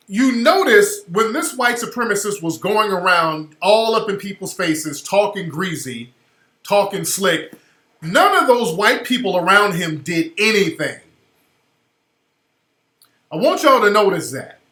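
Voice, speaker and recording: A man's voice: sits high, big pitch swings, unhurried. A man hosting a radio show, giving emphatic, slangy commentary over a video clip. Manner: emphatic, slangy, rising loud when worked up. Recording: roomy echoey sound.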